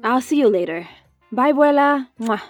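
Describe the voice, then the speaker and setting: A woman's voice: high voice, lively intonation, normal speed, no echo, soft background music. A woman playing a worn-out young daughter. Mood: weary. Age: young adult. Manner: weary, sighing, sulky. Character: exhausted eldest daughter, young adult. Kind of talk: audio drama acting.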